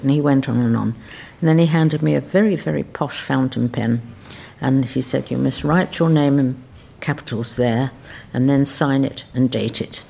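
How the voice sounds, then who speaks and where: An older English woman telling stories about her childhood in a lively, wry, precise way, answering interview questions. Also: sits low, gravelly, a little hiss or hum. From England. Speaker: interviewee recalling wartime childhood. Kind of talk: conversational storytelling.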